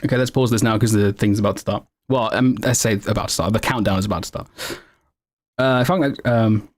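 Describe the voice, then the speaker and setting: A man with a fairly low-pitched voice talks a little fast during a casual livestream. He answers viewers, rambling, fixing his own words, and laughing frequently.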